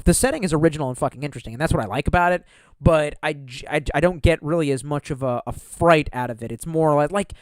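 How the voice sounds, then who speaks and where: A man's voice: a little high, no room sound. A man casually chatting on a livestream and answering chat, cursing often and rambling, sometimes trailing off into a mumble. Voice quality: profane, rambling speech.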